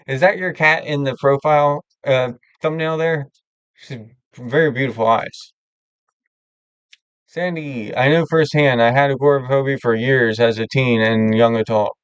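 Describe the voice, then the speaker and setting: A man's voice: medium pitch, clean tone, no room sound, dull audio. A man hosting a live stream, talking candidly and rambling with many filler words in casual chat. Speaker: livestream host.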